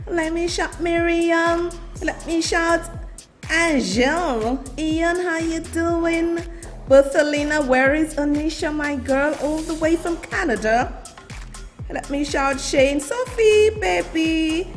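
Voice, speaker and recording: A woman hosts a live stream and greets her viewers one after another, calling them darling and baby. Her voice sits high and her delivery is slow and unhurried. Her drawn-out hellos are lively and affectionate, and faint music plays behind her. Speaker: host of a live online show.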